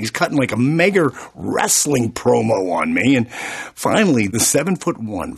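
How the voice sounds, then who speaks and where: Husky, lively motivational speaker man. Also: mid-range voice. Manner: storytelling, animated, plays out scenes. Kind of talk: motivational talk on an audio CD.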